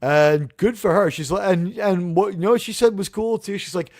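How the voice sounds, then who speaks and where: A man hosting a casual livestream review chat, animated and profane, acting out the lines he quotes. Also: high-pitched, moderate pace, few pauses, dry recording, studio quality. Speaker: host.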